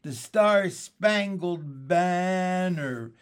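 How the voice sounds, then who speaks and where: A man's voice: fairly high pitch, very animated, unhurried, vocal fry, breathy edge, exaggerated voice. A man reading a storybook aloud, voicing a bossy older schoolgirl sister who mocks and tattles. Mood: mocking. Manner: giggly, mocking, tattling.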